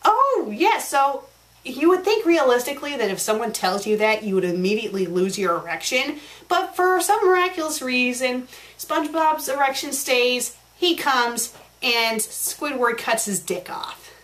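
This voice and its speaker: A woman's voice: fairly high pitch, expressive, moderate pace, a bit bright. A woman host reviewing a story in a casual, blunt way, ranting with exasperation and fillers. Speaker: fanfiction reviewer, show host.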